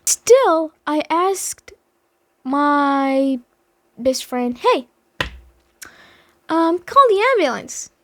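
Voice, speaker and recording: A young woman telling a story in a casual vlog, dramatic and emphatic, swearing heavily. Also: high voice. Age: young adult.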